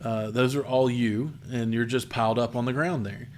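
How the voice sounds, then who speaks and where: A man narrating a tabletop game as game master, describing the scene with frequent pauses and ums. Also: mid-range voice, fairly even intonation, a little mellow, a little hiss or hum. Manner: descriptive, hesitant with many ums.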